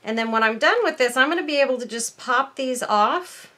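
A woman's voice: high voice, brisk, bright, forceful tone. A woman hosting a casual crafting tutorial at her workbench, chatting to viewers and thinking aloud as she works. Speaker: crafting channel host.

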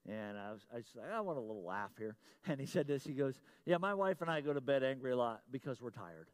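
A middle-aged man preaching a sermon as pastor, moving between loud emphatic lines and quiet confiding asides, repeating his key phrases. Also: medium pitch, animated, fast talker, clear, resonant tone.

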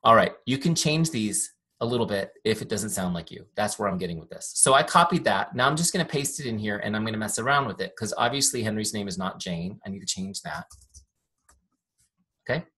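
Young male trainer, husky tone, upbeat, chatty, jokey, demoing software from a home-office mic. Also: fairly low pitch, lively intonation, brisk. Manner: upbeat, chatty, self-deprecating jokes. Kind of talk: live online training with screen demo. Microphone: desk microphone.

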